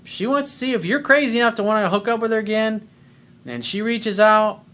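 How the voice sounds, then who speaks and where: A man's voice: sits high, lively intonation, a little fast, fairly bright tone. A man coaching on dating in a casual monologue, blunt and emphatic, swearing freely as he reads and answers a viewer's message.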